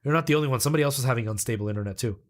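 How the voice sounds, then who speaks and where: Chatty male game streamer from El Salvador, mid-pitched, talks to chat. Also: very fast, faint music behind. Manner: chatty, explains at length. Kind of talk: casual live-stream chat with viewers.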